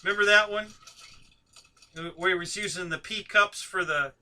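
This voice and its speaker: A man's voice: high-pitched, moderate pace, bright, forceful tone. A man hosting a casual live stream chat, talking easily, laughing often and asking his guests questions.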